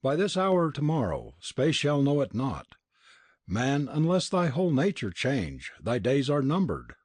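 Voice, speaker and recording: Guy reading as a mysterious eastern sage, deep and sweet with a foreign accent, husky, swings up and down a lot. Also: wildly swooping pitch, measured pace, a little mellow, no echo, heavily acted. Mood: solemn. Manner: solemn, archaic warning tone. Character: mysterious male sage from the East, grave and prophetic. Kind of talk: audiobook character reading.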